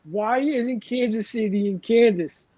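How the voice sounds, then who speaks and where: A man's voice: high-pitched, measured pace, crowd noise. A man with a New Jersey accent co-hosting a casual live-stream chat, crude and joking and swearing freely. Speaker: co-host. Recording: dull, dry lo-fi sound.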